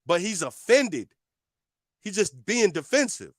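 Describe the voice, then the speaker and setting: A man's voice: high-pitched, very animated, a little slow, fairly bright tone, dry recording, clean studio sound. A man giving heated reaction commentary, confrontational and repeating his points as he talks back at a clip.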